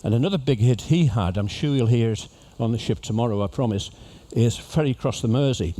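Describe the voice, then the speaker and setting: A man's voice: mid-range voice, fairly quick, dark tone. A man giving a humorous, chatty talk to cruise passengers as an after-dinner speaker. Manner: jokey, chatty storyteller addressing an audience. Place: ship lecture venue.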